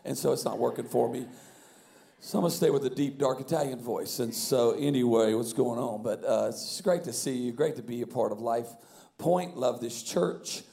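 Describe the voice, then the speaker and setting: Hoarse male preacher, deep gravelly voice, dark tone, folksy and chatty. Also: normal speed. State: hoarse, lost voice. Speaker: guest pastor. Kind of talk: sermon opening.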